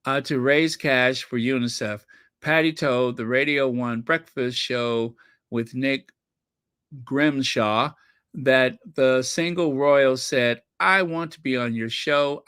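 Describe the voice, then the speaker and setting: Male host, bright voice, unhurried rambling commentary, reads out comments. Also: mid-range voice, clean tone, no echo, clean studio sound. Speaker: channel host. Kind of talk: casual commentary reading comments.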